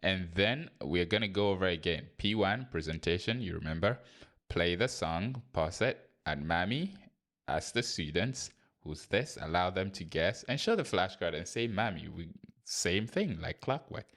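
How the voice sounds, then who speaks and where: Deep-voiced man explaining a kindergarten lesson. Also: expressive, moderate pace, a bit bright. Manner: demonstrates classroom prompts with a raised, sing-song teacher voice; conversational, thinks aloud with small restarts. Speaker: kindergarten ESL teacher trainer. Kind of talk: explaining a lesson plan to teachers.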